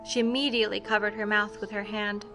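In an even, measured delivery, a woman with a mid-range voice narrates a scripted story while faint instrumental music plays underneath.

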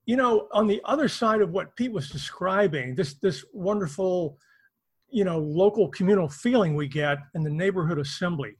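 A man co-hosting an interview podcast, putting questions to his guest in a thoughtful, halting way and repeating words as he goes. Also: high-pitched, lively intonation, husky. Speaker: podcast co-host.

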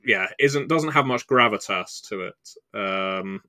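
Bright-toned man, dry close mic. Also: lowish voice, dry recording. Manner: measured, hesitant, with fillers. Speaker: podcast co-host. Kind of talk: casual chat.

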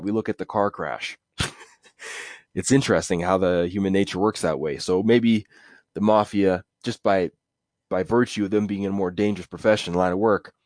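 Guy on his podcast, kinda low voice, rambles and restarts a lot, dry close mic. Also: a little mellow, dry recording. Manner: rambling, self-correcting, with chuckles. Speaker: podcast host. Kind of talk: casual solo podcast talk.

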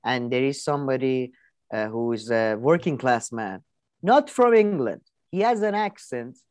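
A woman's voice: very deep voice, animated, moderate pace, a little mellow, dry recording. A woman co-hosting a podcast, talking politics in a casual, sardonic way with lots of fillers and restarts. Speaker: podcast co-host.

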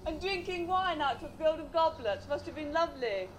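A woman's voice: high voice, lively intonation, moderate pace, slight background noise. An actress playing an effusive, pouting woman with an English accent who is very pleased with herself, in a naturalistic film. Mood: gushing.

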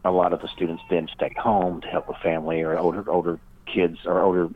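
In a dull, lo-fi remote recording, a man with a deep voice and level tone speaks a little fast. He's a guest author and paranormal researcher telling a rambling interview story, heavy on fillers, in which he acts out the voices he quotes.

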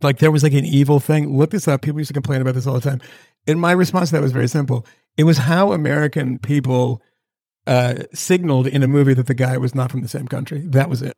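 Gravelly rambling male podcast host. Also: medium pitch, fast, dry recording, studio quality. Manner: rambling, animated storyteller. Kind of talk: casual chat.

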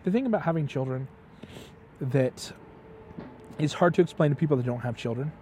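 A man's voice: a little high, brisk, slight background noise. A man in casual conversation, a father telling stories animatedly and acting out the quotes. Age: adult father. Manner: animated storyteller, acts out quotes. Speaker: podcast guest. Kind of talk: casual chat.

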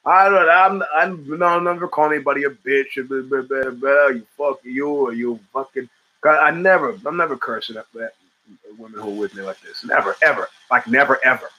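A man's voice: mid-range voice, brisk, sharp tone, low-quality recording. A middle-aged man hosting a talk show, rambling and swearing as he reads chat and answers it. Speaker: podcast host. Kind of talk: casual talk show monologue.

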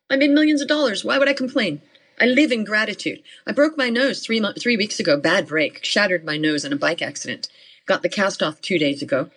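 A woman's voice: medium pitch, a bit bright, slightly rough, low-quality recording. A middle-aged woman business coach, a podcast guest, talking in an emphatic, matter-of-fact way in short, punchy commands. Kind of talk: motivational interview talk.

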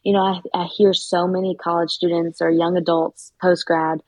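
A woman's voice: fairly low pitch, level tone, moderate pace, a little mellow, no room sound, poor audio. A woman who is a guest on a podcast interview and talks in an earnest, encouraging way, giving advice from her own life. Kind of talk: conversational interview.

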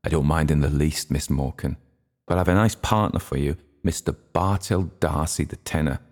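A man's voice: a bass voice, moderate pace, darkish tone. A man reading a storybook voices a fussy, anxious elderly aunt hosting a party.

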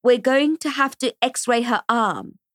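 A woman voicing an older, brisk and impatient hospital nurse in an audiobook, speaking in a slightly condescending way. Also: on the high side, fairly bright tone, no room sound.

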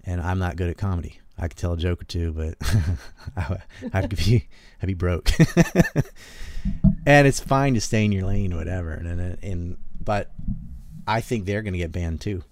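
A man with a low voice, raised in the American South, chatting casually as a podcast host. He rambles, trails off and restarts, and laughs a lot. The sound is dry and close. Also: normal speed, darkish tone, no echo. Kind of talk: casual political chat.

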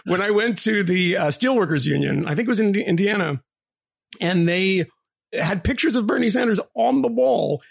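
A man co-hosting a podcast, talking casually in an animated, storytelling way with frequent laughs and restarts. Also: high-pitched, moderate pace, gravelly, breathy edge. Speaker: podcast co-host.

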